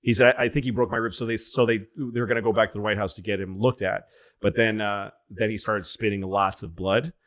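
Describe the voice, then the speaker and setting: A man on a comedy podcast telling a long rambling story in casual chat, profane and loose, breaking into loud excited bits. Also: on the low side, fairly quick. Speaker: podcast co-host.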